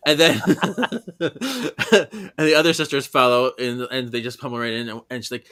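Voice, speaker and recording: A man co-hosting a casual podcast, recapping a book and acting out characters with sudden shouts and laughter. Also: medium pitch, normal speed, long pauses. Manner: animated, acts out characters with big shouts and laughs. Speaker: podcast co-host.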